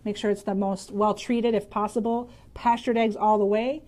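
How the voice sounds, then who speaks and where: A woman's voice: mid-range voice, little pitch movement, normal speed, dark tone. A woman from Michigan hosting a casual live stream, bubbly and chatty, reading out viewer comments and answering health questions with frequent laughs.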